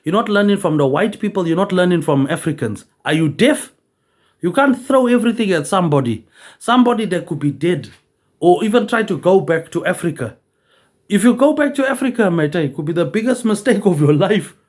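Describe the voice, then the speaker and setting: A man's voice: on the high side, a little mellow. A man rambling on in a loose monologue, swearing freely and tagging almost every line with "mate".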